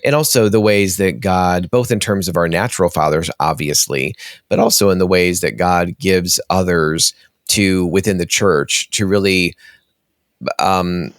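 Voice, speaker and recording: Deep-voiced man hosting an interview. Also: steady tone, a little slow, no echo, studio quality. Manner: gentle and affirming, with soft listening sounds. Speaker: interview host. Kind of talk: conversational interview.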